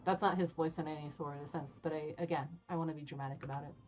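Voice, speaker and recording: A woman streaming a game live, chatty and excitable, her voice jumping high when she is delighted. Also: fast. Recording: slightly dull audio with game music.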